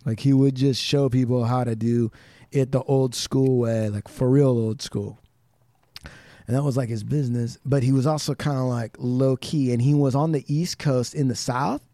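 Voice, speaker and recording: A man's voice: medium pitch, steady tone, normal speed, warm tone, no echo, studio quality. A man from the Pacific Northwest US, a podcast guest rambling in casual chat with lots of "like" and swearing. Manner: rambling, profane, full of "like".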